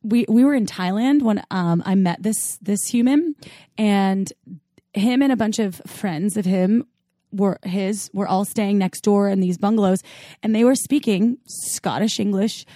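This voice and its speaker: A woman co-hosting a podcast, chatting casually and telling stories in an animated, laughing way. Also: medium pitch, measured pace, no echo, clean studio sound. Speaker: podcast co-host. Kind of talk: casual chat.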